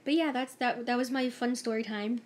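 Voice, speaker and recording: High-voiced young woman telling a story. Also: steady tone, moderate pace. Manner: chatty, emphatic, mimics others in dialogue. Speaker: vlogger. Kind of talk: story-time vlog.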